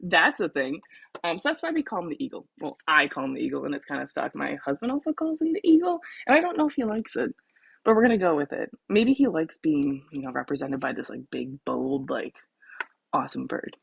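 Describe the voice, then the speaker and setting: A woman's voice: low-pitched, sing-song, brisk, creaky, slightly rough. A woman with a Southern US accent hosting a casual livestream, chatty and laughing at herself as she talks. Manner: chatty, laughing, self-deprecating. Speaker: host.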